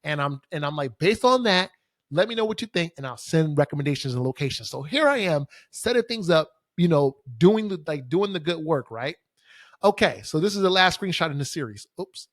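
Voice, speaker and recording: Young man, somewhat high voice, casual swearing, dry close sound. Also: animated, brisk, no echo. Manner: casual, profane, exasperated ranting with many fillers. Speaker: podcast host. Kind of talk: solo podcast storytelling. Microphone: studio microphone facing camera.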